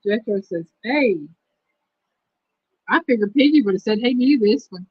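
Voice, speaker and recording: A woman hosting a casual livestream chat, reading trivia questions slowly and repeating them. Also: on the high side, expressive, slight background noise. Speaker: host. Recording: dull lo-fi stream audio.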